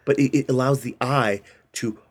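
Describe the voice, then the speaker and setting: A man's voice: mid-range voice, fairly even intonation, moderate pace. A man casually recapping a film on a podcast, rambling and enthusiastic, acting out quotes in changed voices. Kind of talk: casual chat.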